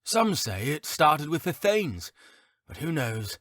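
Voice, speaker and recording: A man's voice: a little high, big pitch swings, takes it slowly, a bit bright, no echo, clean studio sound, voice pushed up, heavily acted. A man voicing a chatty, chuckling male innkeeper in an audiobook. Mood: gossipy. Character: chuckling middle-aged male innkeeper, gossipy. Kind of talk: audiobook character reading.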